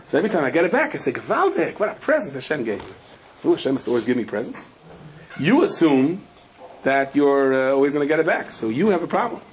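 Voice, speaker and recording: Animated storytelling rabbi, faint hiss. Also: male voice, on the high side, quick pace. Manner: animated storyteller, acts out voices, shouts in quotes. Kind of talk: Torah lecture with stories. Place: attic room.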